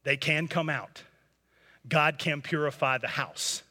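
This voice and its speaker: A man's voice: a little high, a little slow, bright, forceful tone, big-room sound. A man preaching a sermon and telling a story in an earnest, impassioned way. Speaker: pastor.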